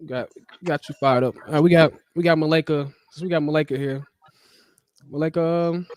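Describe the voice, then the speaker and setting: A man hosting a casual live-stream chat, talking loud, animated and full of slang. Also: a little high, fairly quick, smooth, no room sound, clean studio sound. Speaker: host.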